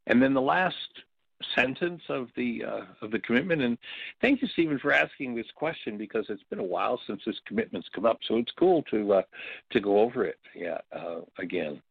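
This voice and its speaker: An older man leading a workshop, telling stories and teaching in a reflective, halting way with pauses and restarts. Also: mid-range voice, lively intonation, vocal fry, husky, no echo. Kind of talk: spoken teaching talk with stories. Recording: dull, dry lo-fi audio.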